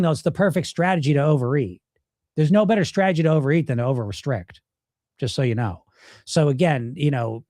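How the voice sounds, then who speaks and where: A man's voice: a little high, darkish tone, no echo, clean studio sound. A middle-aged man coaching viewers on weight loss in a casual live Q&A, blunt and emphatic, swearing freely.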